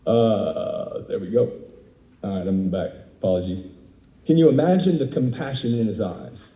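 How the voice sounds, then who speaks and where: A man giving an interactive sermon as a guest speaker, acting out dialogue in animated character voices. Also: lowish voice, normal speed, reverberant, recorded from a distance, rough recording. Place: indoors, speaking remotely at a screen.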